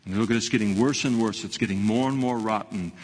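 Emphatic husky preacher in a hall. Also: male voice, fairly low pitch, quick pace. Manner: emphatic, repeats key phrases for weight. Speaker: pastor. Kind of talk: sermon. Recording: long reverb in a large hall.

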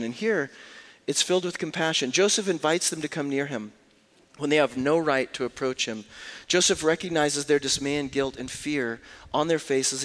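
Animated preacher in a reverberant hall. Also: male voice, fairly high pitch. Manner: expressive storytelling preacher, shifts from hushed to animated. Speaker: pastor. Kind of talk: sermon.

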